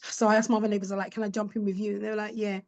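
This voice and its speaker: Talking very fast in a medium-pitched, slightly mellow voice with flat delivery, a female podcast guest shares stories during a casual interview, imitating the voices of those she quotes.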